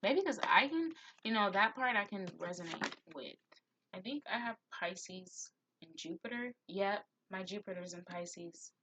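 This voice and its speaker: A woman's voice: mid-range voice, a little slow, pushed and bright, slight background noise. A woman giving a spiritual tarot reading, heartfelt and encouraging, who admits to getting emotional. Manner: gets emotional. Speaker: tarot reader.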